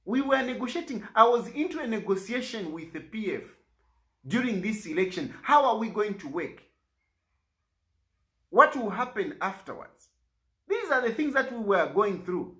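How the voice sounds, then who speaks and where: A man's voice: very animated, moderate pace, sharp tone. A middle-aged man with a Zambian accent, giving an impassioned, pleading public statement. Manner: pleading, rises and falls sharply in pitch. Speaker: opposition party leader.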